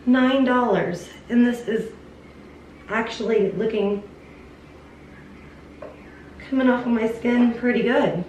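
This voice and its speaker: A chatty young woman vlogger with a slightly high voice talks her viewers through a makeup review. She sits a little away from the camera mic in an echoey room, with a faint hiss behind her. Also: takes it slowly, long pauses, far from the mic, lo-fi sound. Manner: chatty, enthusiastic, addresses viewers as "you guys". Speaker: beauty vlogger.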